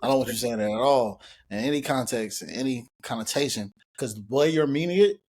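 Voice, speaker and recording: Fast-talking animated young man. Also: medium pitch. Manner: animated, emphatic, swears freely. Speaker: podcast co-host. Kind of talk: casual group discussion.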